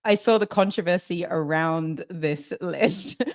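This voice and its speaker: A woman co-hosting a podcast, talking in an energetic, chatty way with restarts and easy laughs. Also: lowish voice, slow. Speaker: podcast co-host. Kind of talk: casual crypto podcast chat.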